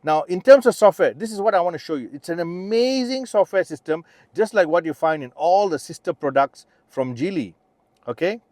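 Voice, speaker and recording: A man's voice: high voice, lively intonation, brisk, darkish tone, dry recording. Middle-aged Malaysian English male, car reviewer, casual and upbeat, fillers and restarts, dry in-car sound. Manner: chatty, enthusiastic, with frequent fillers and restarts. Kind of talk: casual test-drive review. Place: inside a car.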